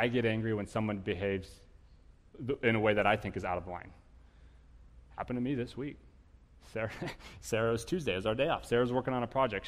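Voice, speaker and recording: A married man preaching to his congregation, asking them questions and getting loud and animated when he tells stories. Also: lowish voice, long reverb tail. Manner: animated storytelling, rising loud when telling anecdotes; addresses congregation directly with questions. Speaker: pastor. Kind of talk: sermon.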